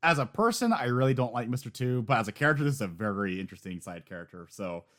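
Man, casual podcast chat, very lively pitch, laughs often. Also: fast talker. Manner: animated, laughs often, acts out quotes. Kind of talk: casual anime discussion.

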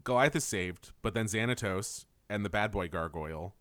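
A man's voice: on the low side, normal speed, no echo. A young man co-hosting a podcast, retelling a cartoon episode in casual chat and laughing often. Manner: laughs often, animated retelling with mock quotes.

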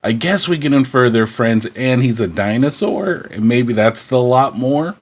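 A man's voice: medium pitch, lively intonation. A man co-hosting a pop culture podcast, chatting in a wry, meandering way. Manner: wry, drawn-out, trailing off. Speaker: podcast co-host. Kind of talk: casual chat.

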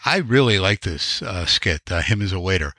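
A man co-hosting a podcast, giving relaxed opinions with dry quips. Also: sits low, moderate pace, no room sound. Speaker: podcast co-host. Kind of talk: conversational film discussion.

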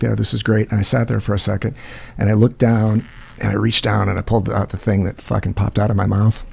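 Gravelly husky man telling a story. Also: on the low side, dark tone. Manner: rambling, profane, many fillers. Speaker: host. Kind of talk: casual storytelling.

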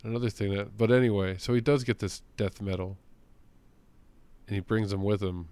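A young man with a low, gravelly voice, chatting casually about comics. He swears freely, laughs a lot and slips into acted-out quotes. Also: fairly even intonation, moderate pace, a little mellow, dry recording. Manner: profane, laughing, acts out quotes. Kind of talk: casual chat.

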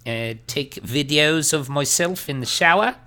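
A man hamming up a shirtless, wrecked crypto trader in a put-on Australian accent. The voice is raised high and sounds giddy and self-pleased. It comes with a pushed, slightly louder delivery. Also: animated, measured pace. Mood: giddy, self-satisfied.

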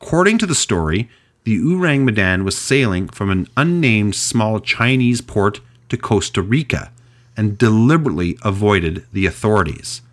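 A man hosting a podcast, telling a mystery story in a casual, chatty way with animated delivery and frequent restarts. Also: on the low side. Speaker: podcast host.

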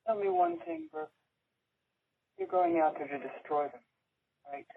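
A woman's voice: fairly low pitch, wildly swooping pitch, unhurried, gravelly, a little hiss or hum, heavily acted. An actress playing a tough woman coldly questioning a man, in a clip played over a phone line. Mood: stern.

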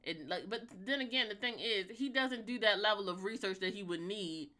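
A woman's voice: medium pitch, fairly quick, sharp tone. A woman co-hosting a podcast in casual chat, reasoning things out aloud. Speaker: podcast co-host.

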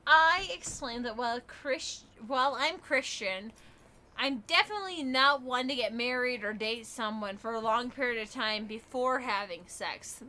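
A young woman with a high, bright voice reads a listener letter on a podcast. She breaks off into irreverent asides, laughing and swearing as she goes. The talk is loose and chatty. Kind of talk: casual chat, reading aloud.

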